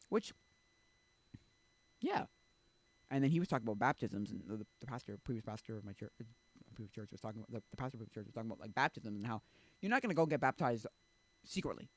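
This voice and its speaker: A man's voice: mid-range voice, fast talker, pauses often, no room sound. A man chatting on a stream in an everyday mid-range voice, thinking aloud about belief. He rambles and restarts his sentences, filling gaps with "like" and "um", and livens up when he acts out what people say. The sound is dry and close, with no room around it. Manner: rambling, self-interrupting, many fillers; animated when acting out quotes. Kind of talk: casual chat about faith.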